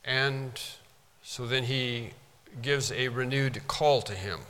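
A man with a medium-pitched, bright, pushed voice preaches a sermon slowly, teaching from a Bible passage. He is emphatic and repeats himself for stress. A long hall reverb surrounds the recording.

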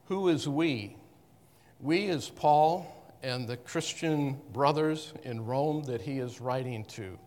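A man of mid pitch explains Scripture to a congregation in a loose, conversational style. He stops to correct himself and restarts his phrases often. His voice rings with the long reverb of a hall. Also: darkish tone. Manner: halting, with frequent restarts and self-corrections. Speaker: Bible teacher. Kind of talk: conversational Bible teaching to a congregation.

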